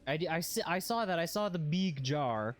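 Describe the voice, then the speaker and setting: Man, streamer, casual gameplay commentary, jokey, repeats phrases, fairly high voice. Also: expressive, normal speed.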